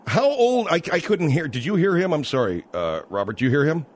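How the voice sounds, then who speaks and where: A man's voice: fairly high pitch, sing-song, brisk, slight background noise. A man hosting a radio call-in show, stepping in to moderate and taking the next call. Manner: jumps in to moderate, takes calls. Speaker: radio talk show host.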